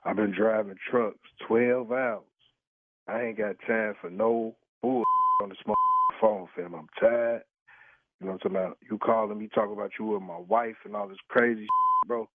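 A man's voice: lowish voice, moderate pace, no room sound. Irate man on a tinny phone line. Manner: heated, swearing, incredulous laughs. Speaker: prank call target. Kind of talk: phone call.

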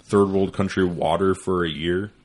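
Very low-voiced blunt, profane man. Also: steady tone, normal speed, darkish tone. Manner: blunt, profane, self-deprecating. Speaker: podcast host. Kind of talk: casual chat.

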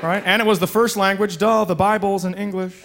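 A middle-aged man performing a stand-up comedy set, animated and acting out the voices he quotes. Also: high voice, a little fast, creaky, background noise. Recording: comedy club with loud laughing crowd. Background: crowd laughter and applause.

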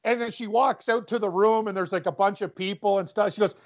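A man with a notably high voice tells a lively story on a podcast, acting out the lines of the people in it. The sound is muffled and lo-fi. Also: fast. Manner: animated storyteller who acts out quotes. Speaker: co-host. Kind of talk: casual sports chat. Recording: dull lo-fi podcast audio.

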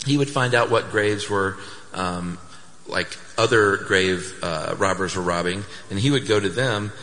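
A man co-hosting a live podcast on stage, telling a story casually in a chatty, animated way. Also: low-pitched, unhurried. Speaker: podcast co-host. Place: theater stage before a live audience. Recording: live hall with long reverb.

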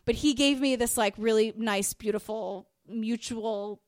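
Excitable woman telling a story. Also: a little high, measured pace, no echo, clean studio sound. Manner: excitable, gushing, animated retelling. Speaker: podcast guest. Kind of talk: casual storytelling chat.

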